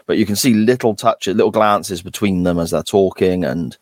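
A man co-hosting a podcast, joking and animated as he talks about an episode, with loud laughing asides. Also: sits low, normal speed, dry recording, studio quality. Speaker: podcast co-host. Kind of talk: casual chat about a TV episode.

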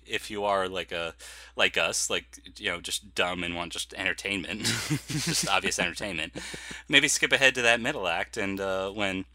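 A man's voice: on the low side, sharp tone, no room sound. A man co-hosting a film podcast, chatty and laughing often, with frequent restarts. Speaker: podcast co-host. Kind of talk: casual film chat.

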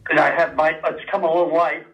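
A man's voice: fairly high pitch, level tone, normal speed, reverberant, highs cut off. A man co-hosting a podcast in casual chat, repeating himself and laughing as he talks. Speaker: podcast co-host.

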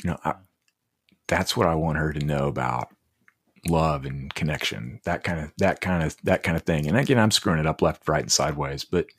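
A man in his forties, a guest telling earnest, halting stories about parenting, with frequent restarts. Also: a bass voice, fairly bright tone, breathy edge, dry recording, clean studio sound. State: emotional. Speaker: podcast guest. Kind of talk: reflective storytelling.

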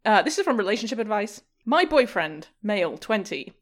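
A woman's voice: mid-range voice, brisk. A woman co-hosting a podcast, reading a post aloud in a casual, swearing, amused way. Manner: animated, swearing, laughing while reading. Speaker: podcast co-host.

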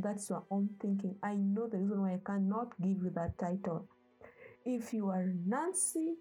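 On poor audio, a young African woman with a dark, breathy, medium-pitched voice speaks out about her views. Her delivery is impassioned and pleading, aimed at parents.

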